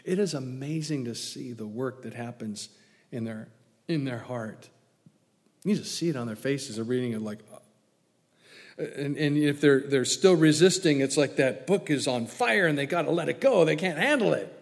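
Animated preacher in a reverberant hall. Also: male voice, mid-range voice, normal speed, vocal fry. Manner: animated storytelling, acting out quotes, swings from loud to hushed. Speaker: pastor. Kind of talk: sermon.

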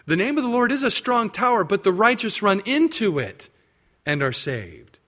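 A male preacher works through a scripture passage verse by verse. His voice sits fairly high, and he acts out the quoted characters in a louder voice. To land his points, he turns low and quiet. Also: very animated, moderate pace. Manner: expository preaching, acting out biblical quotes in raised voices; drops low and quiet for emphasis. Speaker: pastor. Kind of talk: sermon.

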